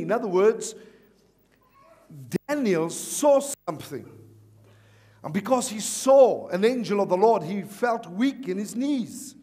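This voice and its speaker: A male pastor preaching a sermon at a church service, animated and repeatedly calling on the congregation to respond. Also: high-pitched, slow, long pauses, breathy edge. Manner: animated, calls for audience response.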